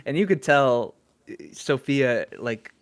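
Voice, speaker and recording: A young man co-hosting a podcast, talking in a relaxed way, thinking aloud and chuckling often. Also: mid-range voice, takes it slowly. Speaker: podcast co-host. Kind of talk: casual chat.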